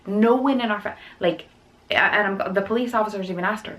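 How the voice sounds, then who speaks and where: A young woman, a mother of four, speaks at medium pitch with a somewhat bright voice as she relates a distressing story on camera. She rushes and rambles, restarting again and again and quoting what others said. The audio quality is poor.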